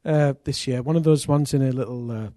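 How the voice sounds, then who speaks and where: A man preaching a sermon as pastor, earnest and intimate, with sudden loud rises. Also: mid-range voice, brisk, no room sound, clean studio sound.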